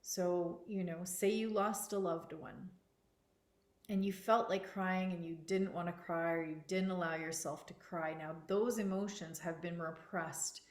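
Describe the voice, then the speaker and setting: A woman gives a spiritual teaching talk at a slow, unhurried pace. Her voice sits a little low and sounds soft and earnest, returning to the same words for emphasis. The room around her is echoey. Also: steady tone.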